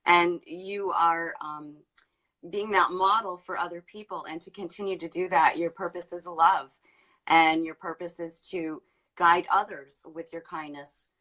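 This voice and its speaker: A woman medium giving a channeled reading, gentle and hesitant with pauses. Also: on the low side, fairly even intonation, poor audio. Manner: hesitant, pausing with ums, gentle. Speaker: psychic medium. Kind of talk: live online channeling session.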